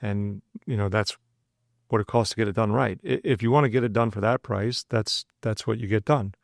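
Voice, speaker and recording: A podcast co-host with a gravelly, somewhat low voice and steady tone tells anecdotes at a moderate pace in a loose, conversational storytelling chat full of asides. He acts out both sides of the dialogue in his own voice, and the recording is dry and close.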